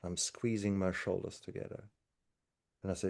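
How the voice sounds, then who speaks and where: A man's voice: deep voice, creaky. A man speaking as a guest doctor in a podcast interview, talking in an earnest, encouraging way. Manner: speaks slower when calm.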